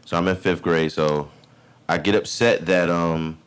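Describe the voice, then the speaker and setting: A man's voice: deep voice, fairly even intonation, measured pace, clean tone. A man in his thirties from Brooklyn with a New York accent, telling a story in a loose, profane, slang-heavy way as a podcast host. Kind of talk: casual storytelling.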